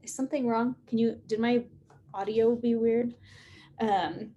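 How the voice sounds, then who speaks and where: A woman's voice: a little high, fairly even intonation, a little slow, dark tone, slight background noise. A woman in her thirties hosting a casual live-stream Q&A, talking in a rambling way with many fillers and restarts. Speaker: host of a live Q&A session.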